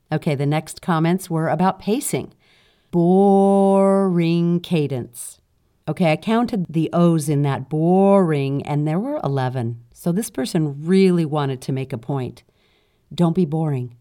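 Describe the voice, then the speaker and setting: Low, mellow-voiced woman podcast host. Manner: conversational, reads listener comments aloud with playful emphasis. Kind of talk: solo podcast talk. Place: studio.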